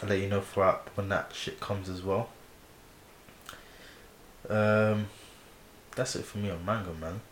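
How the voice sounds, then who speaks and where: A man's voice: fairly low pitch, fairly even intonation, a little slow, long pauses, fairly bright tone. A young man, co-hosting a casual chat in a laid-back way, full of fillers and slang. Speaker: podcast co-host. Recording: echoey room with faint hiss.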